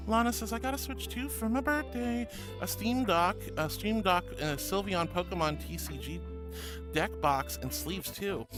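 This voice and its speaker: A man with a notably high voice greets his stream chat one by one, calling everyone sweetie and honey. He plays down every compliment in a goofy, self-deprecating way. Clear background music runs under his voice throughout. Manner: affectionate, calls viewers sweetie and honey. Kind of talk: livestream chat reading. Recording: loud music behind the voice.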